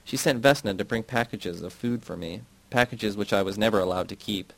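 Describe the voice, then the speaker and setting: A man narrating an audiobook in a measured, steady reading voice. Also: lowish voice, vocal fry, no echo, poor audio. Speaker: audiobook reader. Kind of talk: scripted narration.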